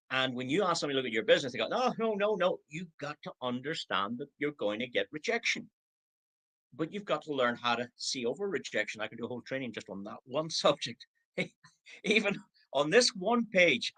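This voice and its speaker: Older man, 60s, bright tone, motivational trainer on a video call. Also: mid-range voice, rough recording. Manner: acts out prospects' replies in quoted voices. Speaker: network marketing trainer.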